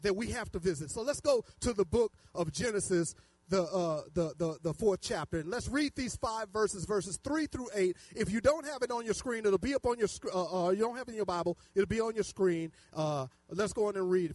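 A man preaching a sermon, telling stories animatedly and swinging from loud outbursts to hushed asides. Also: high-pitched, dry recording. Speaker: pastor. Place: church.

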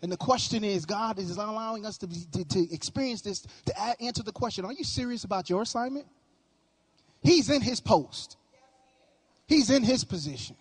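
A man's voice: high-pitched, lively intonation, moderate pace, slightly rough. A male pastor preaching a sermon with emphatic, sing-song cadence and frequent repetition.

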